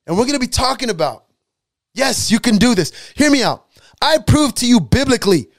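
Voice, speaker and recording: High-voiced man preaching with emphatic repetition. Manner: emphatic repetition, rhetorical questions; colloquial, drops into dialect grammar. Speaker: preacher teaching on healing. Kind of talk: sermon.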